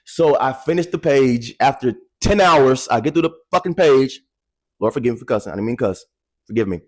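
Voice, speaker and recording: Brisk and medium-pitched, a man in his twenties tells viewers a personal story straight into the camera. He's animated and frank, swearing casually, and the recording has no room sound.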